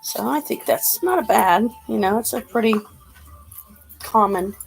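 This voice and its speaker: A woman's voice: a little high, expressive, a little slow, vocal fry, faint music behind, low-quality recording. A woman giving a casual tarot card reading, chatty and rambling, with lots of fillers. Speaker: tarot reader.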